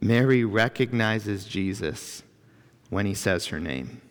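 A man's voice: on the low side, expressive, slow, clean tone. A man preaching a sermon as pastor in a church, reflective and earnest, building emphasis through lists. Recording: long reverb of a church hall.

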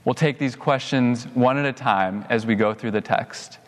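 A young man preaches with an easy storytelling manner, his voice sitting at an ordinary middle pitch. The sound rings out with a long hall reverb. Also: moderate pace. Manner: storytelling, animated when quoting himself. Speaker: pastor. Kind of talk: sermon.

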